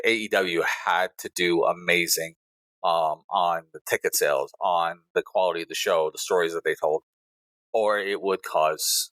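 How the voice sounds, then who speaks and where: Man with a bright low voice recapping eagerly. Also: no room sound. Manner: animated play-by-play recap, acting out quotes. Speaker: podcast co-host. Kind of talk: casual podcast chat.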